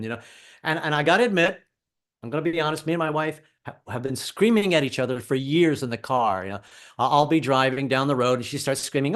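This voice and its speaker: A man's voice: medium pitch, fairly bright tone. A middle-aged man doing a stand-up comedy set, wry and self-deprecating.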